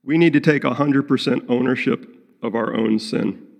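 A man's voice: medium pitch, moderate pace, gravelly. A man preaching as pastor in an earnest sermon, acting out prayers and quotes in his own voice. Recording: long reverb of a large hall.

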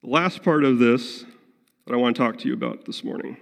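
Male pastor, mid-pitched and gravelly, earnest sermon delivery, long church-hall reverb. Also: fairly quick, a bit bright. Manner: earnest, acts out prayers and quotes in his own voice.

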